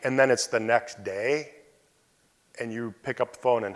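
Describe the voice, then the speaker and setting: Male pastor, sermon delivery, expressive with quiet asides, mid-range voice, long church reverb. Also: medium pitch, moderate pace.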